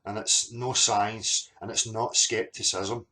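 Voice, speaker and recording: A man's voice: fairly low pitch, steady tone, slow, bright, forceful tone. Argumentative man ranting. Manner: argumentative, repetitive fillers, emphatic. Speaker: channel host. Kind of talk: monologue reacting to clips.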